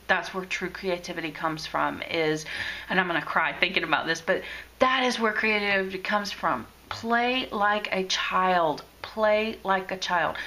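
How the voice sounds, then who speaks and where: Sitting in her home craft room, this middle-aged scrapbooking vlogger gushes through a casual show-and-tell of her scrapbook journal, restarting often and filling pauses. She speaks in a lowish, sharp-toned voice on a low-quality recording.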